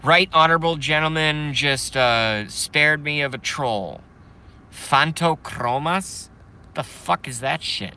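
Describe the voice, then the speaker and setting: A man hosting a live stream, ranting in a profane, heated way that swings between loud outbursts and muttering. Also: on the high side, slow pace, smooth. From Boston, Massachusetts.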